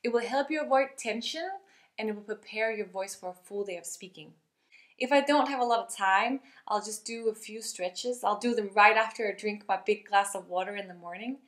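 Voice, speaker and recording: A young woman teaching vocal health in a lively, upbeat way, talking straight to her viewers. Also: medium pitch, a little fast, roomy sound. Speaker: singing teacher.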